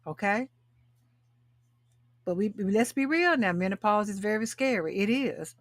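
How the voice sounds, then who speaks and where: A woman's voice: medium pitch, lively intonation, unhurried, no echo. An emphatic woman hosts a live stream, calling out to her viewers and repeating her points. The sound is dry and close, with hardly any room around her. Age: 60s. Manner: emphatic and preachy, repeats phrases, calls out to viewers. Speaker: talk show host and life coach. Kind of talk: live-stream talk to a women's audience. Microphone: webcam or phone mic, live stream.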